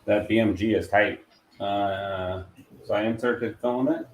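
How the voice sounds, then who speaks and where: A man's voice: lowish voice, fairly even intonation, unhurried, a little hiss or hum. A man hosting a casual hands-on product demo, joking and muttering to himself as he works. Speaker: host. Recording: roomy echo.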